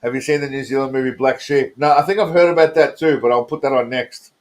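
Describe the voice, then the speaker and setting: A man's voice: mid-range voice, fairly even intonation, fast. Joking Australian man chatting on stream. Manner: joking, rambling, talks to chatters by name. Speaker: streamer reacting to trailers with his live chat. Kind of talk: casual live-stream chat.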